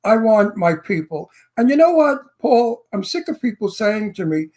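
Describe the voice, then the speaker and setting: A man's voice: high-pitched, very animated, moderate pace, a little mellow. A blunt, brash male talk show host with a Brooklyn accent, chatting casually in a studio. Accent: Brooklyn New York. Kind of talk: casual chat.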